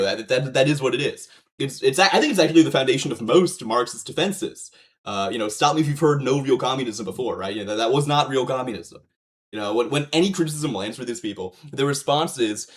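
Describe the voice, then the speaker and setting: A man streams live and reacts to a video, talking loosely and profanely. He rambles through fillers and false starts in a mid-range voice. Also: medium pitch. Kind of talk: casual livestream commentary.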